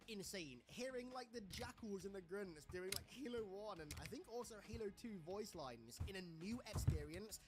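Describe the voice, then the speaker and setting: Male gaming creator, a little higher-pitched, upbeat, with loud background music. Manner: enthusiastic, upbeat. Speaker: video game commentator. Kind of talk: video outro commentary.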